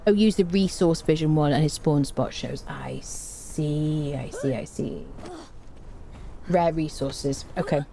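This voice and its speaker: A woman game streamer chats casually with her viewers while playing, reading and answering the chat and humming tunelessly between remarks. Her low, mellow voice swings widely and lively in pitch, with faint hiss beneath.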